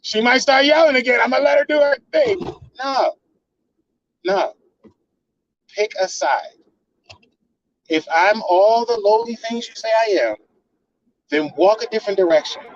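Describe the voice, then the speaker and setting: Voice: high voice, no room sound, muffled recording. Confrontational, profane ranting voice. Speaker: channel host. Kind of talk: heated rant at a partner.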